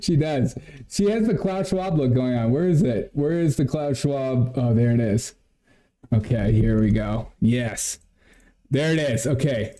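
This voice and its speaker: A man's voice: mid-range voice, lively intonation, takes it slowly, mellow. A man hosting a comedy livestream, talking to viewers in a mocking, laughing, chatty way. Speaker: livestream host. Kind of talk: sarcastic comedy livestream commentary.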